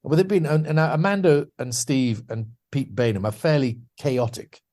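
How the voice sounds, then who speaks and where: A man's voice: mid-range voice, normal speed, darkish tone. A man guesting on a podcast, telling anecdotes about his career in a chatty, self-deprecating way with lots of restarts. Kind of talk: anecdotal interview storytelling.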